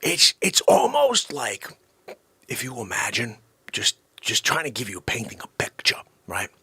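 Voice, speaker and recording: A man hosting a comedic vlog, excitable and rambling, swinging from shouts down to whispers. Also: medium pitch, a little slow, slightly rough, no room sound. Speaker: host.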